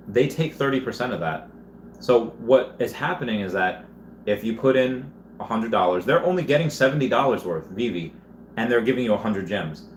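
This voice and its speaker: A man hosting a casual livestream, reading viewer chats aloud and rambling in a chatty way with frequent restarts. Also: medium pitch. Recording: echoey room with faint background noise.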